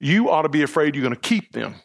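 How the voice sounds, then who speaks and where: Higher-voiced male pastor preaching. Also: expressive, fast, gravelly, a little hiss or hum. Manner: emphatic, repetitive rhetorical questions. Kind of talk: sermon.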